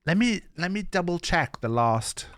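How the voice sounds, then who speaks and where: A man's voice: high voice, normal speed, no echo, faint music behind. Rambling streamer man, dry close sound. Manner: rambling, swears freely, sudden excited outbursts. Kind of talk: casual chat on a live stream.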